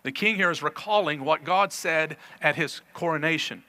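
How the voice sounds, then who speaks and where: A man's voice: a little high, moderate pace, sharp tone. A man preaching a sermon as pastor, reading scripture aloud with earnest emphasis.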